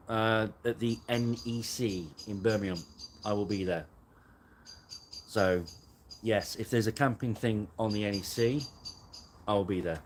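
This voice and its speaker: A man's voice: on the low side, a little hiss or hum. A man hosting a casual live chat, rambling and joking about himself with frequent laughs. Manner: rambling, self-mocking, laughs often. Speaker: host. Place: garden at night, outdoors.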